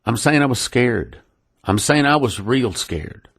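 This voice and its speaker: Earnest gravelly man giving testimony. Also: medium pitch, expressive, unhurried, no echo, clean studio sound. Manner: earnest, emotional, repeats himself often. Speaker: ministry leader. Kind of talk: personal testimony to listeners.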